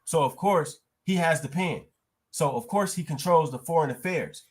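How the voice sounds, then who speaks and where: A man's voice: on the high side, moderate pace. A man, arguing bluntly and profanely as a panelist in a heated debate. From United States.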